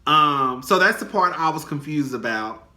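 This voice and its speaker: A man's voice: lively intonation, moderate pace, sharp tone. A young man vlogging casual gossip, dramatic and chatty, profane, calling his viewers girl. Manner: dramatic and chatty, swinging high and low. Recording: echoey room.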